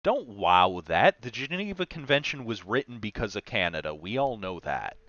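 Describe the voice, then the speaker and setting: On a livestream, a game master chats casually about running tabletop games and game design, telling stories with wry asides. His voice sits on the low side with big pitch swings, and his delivery is brisk, bright, and forceful. The recording has no room sound, and the highs are cut off.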